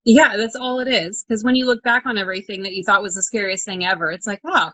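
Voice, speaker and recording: Young woman guest, expressive storyteller with frequent laughs, dry close sound. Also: mid-range voice, fast talker, no echo, poor audio. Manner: animated storyteller, acts out her own inner dialogue, laughs often. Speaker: monster truck driver guest. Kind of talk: casual interview chat. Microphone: video call.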